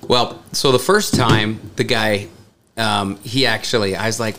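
A man's voice: lowish voice, expressive, a little slow, a bit bright, a little hiss or hum. A man co-hosting a casual podcast, telling a story with lots of laughter. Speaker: podcast co-host.

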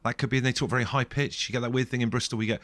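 A man's voice: medium pitch, steady tone, rapid-fire, a bit bright, no room sound. A man hosting a podcast in rambling, jokey casual chat. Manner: rambling, jokey, self-deprecating. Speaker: podcast host.

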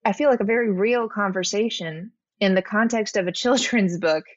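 A woman speaking as a podcast guest in an earnest, reflective way, at a mid pitch. The sound is slightly muffled and lo-fi, with a close, dry quality and no room echo. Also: normal speed. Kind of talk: heartfelt interview talk.

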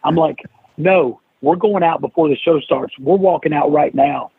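A man's voice: a little high, normal speed, creaky, breathy edge, no echo. A man, a guest on an interview podcast, telling a long story and acting out the quoted lines of the people in it. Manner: animated storyteller who acts out quoted lines. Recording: dry, tinny phone-like line.

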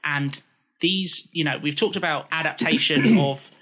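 A man, co-hosting a casual podcast chat, talking in a measured, analytical way. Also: on the high side, pushed and bright. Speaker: podcast co-host.

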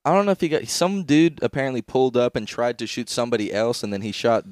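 A man's voice: mid-range voice, fast, a little mellow, dry recording, clean studio sound. A young man co-hosting a podcast, chatting casually with lots of swearing and laughter. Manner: laughing, joking, swears a lot. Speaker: podcast co-host. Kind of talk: casual crude banter.

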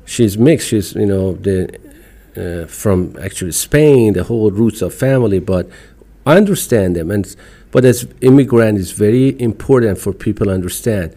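A middle-aged man from Iran speaks with a strong Iranian accent, his voice fairly low and dark in tone. He talks as an interview guest in a casual, emphatic way, pushing his points with animated bursts and non-native phrasing. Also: normal speed. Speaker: podcast guest.

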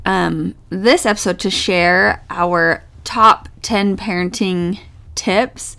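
A mother co-hosting a parenting podcast, chatting casually and laughing as she gushes about her kids. Her voice has a noticeable gravelly fry. She sounds relaxed and conversational. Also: mid-range voice. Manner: warm, gushing, laughs often. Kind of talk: casual chat.

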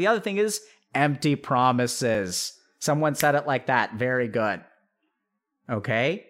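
A man's voice: high-pitched, expressive, moderate pace, a bit bright. A man hosting a podcast, giving casual mental health advice to a live chat in a direct, coaching way with frequent check-ins.

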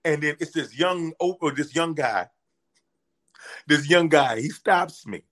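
This comedian guest speaks slowly, with a voice on the higher side for a man. Chatting casually through his story, he stays animated and does the voices of the characters he quotes.

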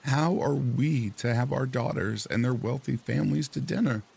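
A man's voice: normal speed, gravelly, a little mellow, breathy edge. A man voicing a greedy, nagging old fishwife in a storybook tale, speaking in a raised, insistent voice. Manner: shrill and insistent.

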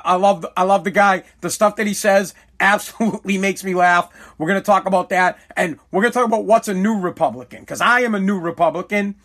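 This solo podcast host's voice sits high and sounds fairly bright. He delivers a casual, rambling rant on a streaming live mic, full of swearing and corrections of himself.

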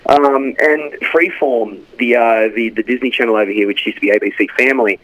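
A man's voice: mid-range voice, a little fast, fairly bright tone, dry recording, poor audio. An Australian man in his thirties, a guest correspondent talking in a radio interview, chatty and rambling with frequent restarts. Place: Los Angeles.

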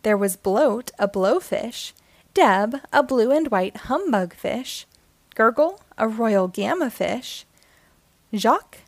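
A woman's voice: on the high side, no room sound. Dry, close woman reading a children's storybook. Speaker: children's book reader. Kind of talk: reading a picture book aloud.

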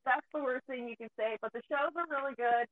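Speaking high and fairly quick, this woman, a mother acting as host, rambles through stories in casual conversation, cursing plenty along the way. The dry recording sounds tinny, like a phone.

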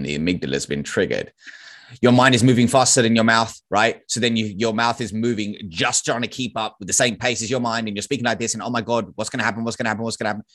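A man, a sales consultant as podcast guest, telling animated stories in casual talk and acting out quoted lines. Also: lowish voice. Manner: animated storytelling, acts out quotes; casual slang. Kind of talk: podcast interview.

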